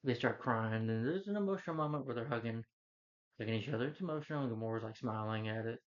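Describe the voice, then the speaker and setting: A man's voice: mid-range voice, fast. A man talks through a movie's plot from home in a casual, meandering recap. He fills the gaps with "you know" and often restarts his sentences. His mid-range voice comes through a dull, lo-fi recording. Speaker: movie reviewer. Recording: dull lo-fi sound.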